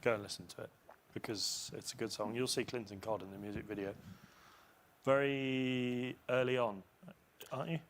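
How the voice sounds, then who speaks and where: A man's voice: mid-range voice, steady tone, slight background noise. A man hosting a live football chat show, talking casually with co-hosts and jumping into match commentary. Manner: chatty, quick to jump into commentary.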